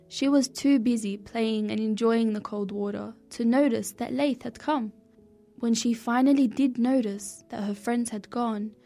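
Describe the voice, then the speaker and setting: Higher-voiced woman reading a children's story. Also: dark tone. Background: faint music.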